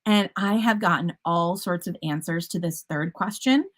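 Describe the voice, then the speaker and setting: A woman's voice: on the low side, normal speed. Upbeat woman teacher presenting with puns. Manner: upbeat and chatty, with playful puns. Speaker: teacher presenting at an education conference. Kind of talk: conference presentation.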